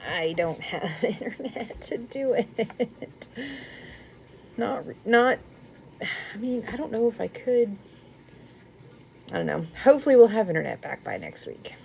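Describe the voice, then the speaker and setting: A young woman chatting casually on a crochet live stream at home. She rambles, laughs often and sometimes drops to a soft murmur. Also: medium pitch, gravelly, highs cut off, slight background noise.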